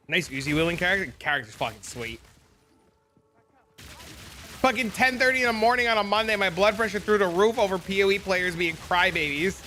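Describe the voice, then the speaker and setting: Live-streaming a game, this young man speaks in a very high-pitched, bright, forceful voice over slight background noise. He swears, rants about fellow players, and responds to his chat.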